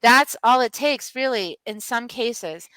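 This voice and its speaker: A woman's voice: a little high, slow pace, fairly bright tone, rough recording. A middle-aged woman, a healer and author, telling stories with fervent, emphatic, repetitive urging. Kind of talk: passionate interview storytelling.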